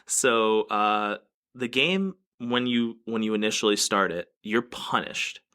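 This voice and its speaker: A man's voice: on the low side, takes it slowly, bright, forceful tone, clear, resonant tone. A man co-hosting a casual game review podcast, explaining at length with fillers and restarts. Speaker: podcast co-host.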